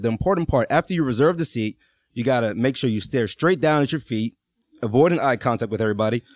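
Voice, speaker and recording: A man's voice: medium pitch, darkish tone, no echo, studio quality. A man in his thirties from Texas telling a personal story to a live audience, chatty and often checking in with his listeners. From Texas, USA. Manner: conversational, keeps checking in with the audience.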